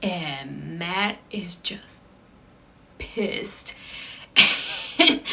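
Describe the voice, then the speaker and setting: A woman hosting a casual chat show and telling a story, shifting between lively telling and a hushed near-whisper. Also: lowish voice. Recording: slightly distant mic with faint background noise.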